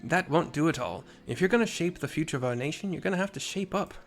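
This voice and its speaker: A man voicing a brash, teasing young male soldier in a game, reading him loudly with a rough put-on accent. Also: a little high, animated, fast, faint music behind, voice pushed up, natural voice.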